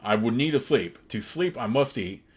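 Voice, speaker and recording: A man voicing a huge, grumpy, hungry male cave giant as he reads a video game's dialogue aloud, with blunt, gruff complaints. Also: mid-range voice, animated, moderate pace.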